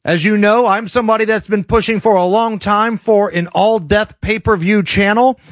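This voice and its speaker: A man's voice: sits high, steady tone, normal speed. A man hosting a radio talk show, chatting casually with a sardonic, joking delivery.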